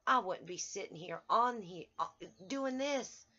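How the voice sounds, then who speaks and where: A woman recording a daily video diary, talking angrily and outraged, halting and restarting as she vents. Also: medium pitch, lively intonation, sharp tone, highs cut off. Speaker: vlogger.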